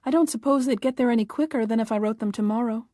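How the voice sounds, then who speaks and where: A woman reading the lines of a young newlywed bride who is anxious and quick to feel hurt. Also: a little high, dark tone, no room sound, clean studio sound, lightly acted. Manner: fretful, hurt, quick to take offense.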